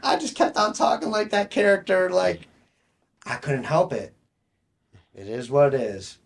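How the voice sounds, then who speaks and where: A man's voice: sits high, big pitch swings, a little slow, creaky, a little hiss or hum. A young man co-hosting a podcast, telling rambling stories in casual chat and laughing mid-sentence. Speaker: podcast co-host.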